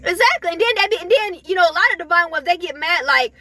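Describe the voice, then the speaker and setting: A woman's voice: very high voice, animated, quick pace, bright, forceful tone. A woman giving an emphatic, repetitive spiritual pep talk to her viewers, chuckling between points. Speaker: spiritual vlogger.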